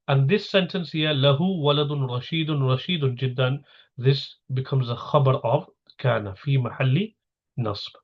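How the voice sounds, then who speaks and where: A man's voice: a little high, highs cut off. A man teaching a grammar lesson, patiently breaking each sentence down step by step and repeating key terms.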